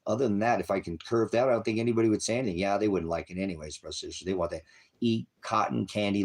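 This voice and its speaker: Husky-voiced man ranting profanely. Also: on the low side. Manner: profane, aggressive rant, addresses chat viewers. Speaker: livestream preacher. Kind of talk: angry rambling livestream talk.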